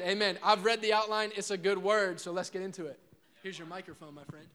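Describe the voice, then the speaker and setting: A man's voice: sits high, fairly even intonation, a little fast, pushed and bright. A man, a pastor introducing a guest preacher and praying before the congregation, jokey and upbeat, then earnest. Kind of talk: church stage introduction and prayer. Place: church service before a congregation.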